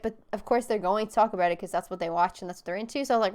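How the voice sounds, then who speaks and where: A woman's voice: a little high, animated, very fast, few pauses, sharp tone, clean tone. A young woman hosting a video game podcast, chatty and casual, laughing often and swearing freely. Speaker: podcast host.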